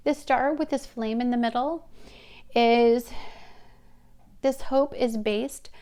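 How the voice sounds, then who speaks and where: A woman's voice: on the high side, steady tone, slow pace, darkish tone, clean tone. A woman giving a pick-a-card tarot reading to her viewers, talking in a hesitant, searching, heartfelt way. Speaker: tarot reader.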